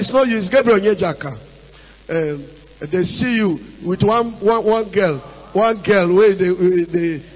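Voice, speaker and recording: A man with a Nigerian accent preaching a sermon in an animated way, with shouts, mimicry and asides in Pidgin. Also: high-pitched. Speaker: pastor. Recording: dull sound in a reverberant hall.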